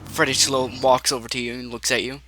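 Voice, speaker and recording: A man running a role-play game as narrator, playful and quick to put on silly voices. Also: medium pitch, level tone, bright, forceful tone, soft background music. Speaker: game master.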